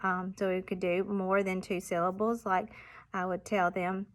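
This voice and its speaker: A woman primary school teacher explaining reading exercises to parents, patiently sounding out example words with clear emphasis. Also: mid-range voice, little pitch movement, moderate pace.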